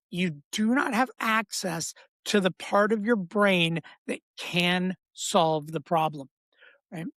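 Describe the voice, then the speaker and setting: A man who works as a breathwork coach, explaining in a podcast interview with an emphatic, repetitive teaching cadence and an animated delivery. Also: high voice, dry recording. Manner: animated, acts out inner voices.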